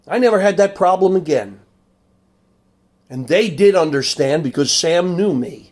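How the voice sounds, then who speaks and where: An older man commenting on a video clip in a blunt, combative monologue, dropping low and quiet when he turns menacing. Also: animated, moderate pace. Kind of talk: angry monologue with storytelling.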